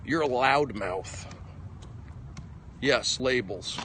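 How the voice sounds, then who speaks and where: Excitable comedian ranting on a walk. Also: male voice, medium pitch, drawn-out words, slight background noise. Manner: excitable, emphatic, jumping between topics. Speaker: stand-up comedian. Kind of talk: rambling livestream monologue. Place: outdoors on a walk. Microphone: phone.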